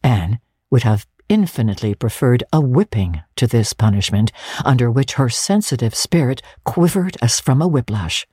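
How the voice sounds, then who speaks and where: A woman giving a dramatic reading of a classic novel in an expressive storytelling manner. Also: rumbling low, normal speed, slightly rough, dry recording, studio quality. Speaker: narrator.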